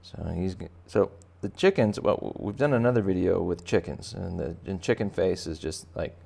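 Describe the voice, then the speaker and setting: Gravelly low-voiced man teaching drawing. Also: moderate pace, a little mellow. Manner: chatty, joking asides while sketching. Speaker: art teacher. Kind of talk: casual drawing tutorial for kids.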